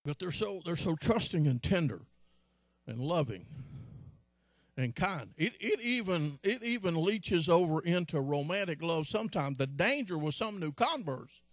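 A man's voice: animated, unhurried, no room sound, clean studio sound. A man preaching a sermon as pastor, telling stories from his life and acting out quotes. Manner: storytelling, acts out quotes in a high voice.

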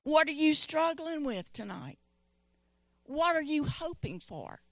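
A middle-aged woman, preaching a sermon and retelling scripture stories in an animated way. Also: high-pitched, slow, dry recording. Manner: storytelling, animated quoting of scripture voices.

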